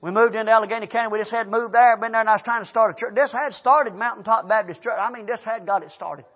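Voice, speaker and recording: Older southern preacher man, high voice, folksy story sermon, muffled lo-fi sound. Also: fast. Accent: Southern American. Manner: folksy, animated, swings between loud preaching and quiet storytelling. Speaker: pastor. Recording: dull lo-fi recording.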